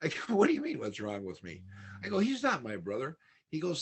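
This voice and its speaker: A man's voice: a little high, huge pitch swings, brisk, husky. A middle-aged man telling stories in a casual podcast chat, rambling, laughing often and acting out what others said. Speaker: podcast guest.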